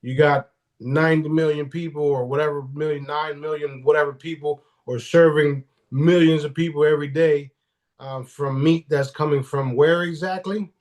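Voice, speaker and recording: A man's voice: a little high, steady tone, moderate pace. A man speaking as a guest in a casual live-stream interview, blunt and profane, often restarting his sentences.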